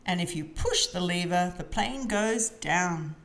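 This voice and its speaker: Storybook: woman voicing a bubbly cheese-loving girl mouse, slow and sing-song. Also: lowish voice, lively intonation, a bit bright. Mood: explaining. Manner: eager, exclaiming.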